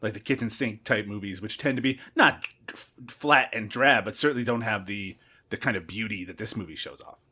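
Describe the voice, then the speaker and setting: A man's voice: lowish voice, a little fast, sharp tone, husky. A man from Newfoundland co-hosting a casual podcast, joking and laughing often. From Newfoundland, Canada. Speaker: podcast co-host.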